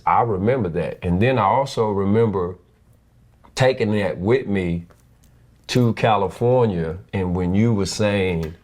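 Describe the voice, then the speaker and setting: Deep-voiced man telling a candid story. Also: unhurried. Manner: earnest, animated, quotes people in changed voices. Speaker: husband sharing his story.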